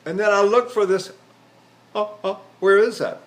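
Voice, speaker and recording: The speaker is an older voice teacher, a trained tenor, whose high-pitched voice moves at normal speed as he explains vocal technique. Between fillers and restarts, he illustrates points by singing vowels and syllables.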